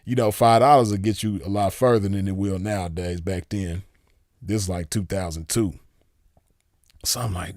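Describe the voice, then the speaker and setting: Low-voiced and slightly mellow, with fairly even intonation and normal speed, this show host is a man in his forties. He's laid-back and laughs easily, rambling through slangy stories as he chats casually with viewers, in a dry, studio-quality recording.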